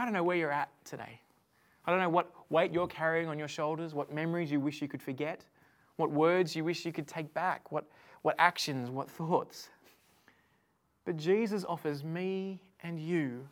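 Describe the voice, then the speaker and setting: A woman delivers a sermon to an online audience. Her manner is chatty and animated, moving between quiet, intimate stretches and loud, emphatic ones. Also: mid-range voice. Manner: conversational and animated, swings from hushed to loud. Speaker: preacher.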